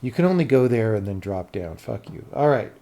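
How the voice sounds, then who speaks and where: A man's voice: lowish voice, sing-song, brisk, dark tone. A man streaming as he builds a game level, talking to himself in a casual, thinking-aloud way with mumbled asides. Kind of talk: casual livestream commentary while working.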